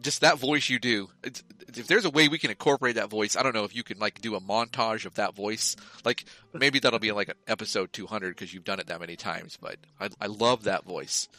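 A man's voice: on the low side, brisk, hardly any pauses, bright, forceful tone, no echo. A man co-hosting a podcast in casual chat, teasing his friend and laughing often. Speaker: podcast co-host.

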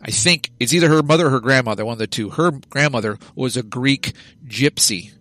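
A man's voice: medium pitch, brisk, fairly bright tone, dry recording, rough recording. A man hosting a podcast, telling stories in a wry, casual way. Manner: wry, storytelling. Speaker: podcast host.

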